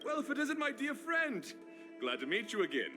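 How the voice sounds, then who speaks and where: An actor voicing a flamboyant knight devoted to beauty, speaking in a flowery, gallant and theatrical way, heard over game music. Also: male voice, very high voice, wildly swooping pitch, fairly quick, bright, forceful tone, exaggerated voice.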